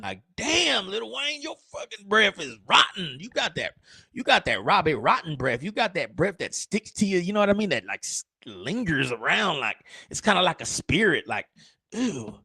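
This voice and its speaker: A man's voice: high-pitched, big pitch swings, normal speed, vocal fry, pushed and bright, breathy edge, dry recording. A man, a streamer and rapper, chatting casually in a rambling, crude, joking way. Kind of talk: casual livestream chat.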